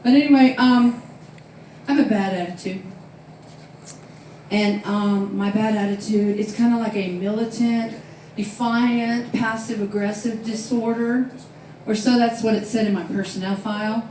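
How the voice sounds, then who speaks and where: A woman's voice: mid-range voice, measured pace, distant mic, a little hiss or hum. A woman in her sixties with a drawl works a comedy club stage, acting out the quotes in her stories. The sound is very echoey, and she seems a bit away from the mic. A faint room murmur hangs behind her. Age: 60s. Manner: animated storytelling with loud acted-out quotes. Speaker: stand-up comedian. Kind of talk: stand-up comedy set.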